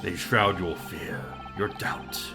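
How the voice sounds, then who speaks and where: A man voicing a cold, contemptuous male prosecutor, speaking slowly and quietly with game music underneath. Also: deep voice, fairly even intonation, voice pushed down. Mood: menacing. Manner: slow, hushed, sinister. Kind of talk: reading game dialogue aloud.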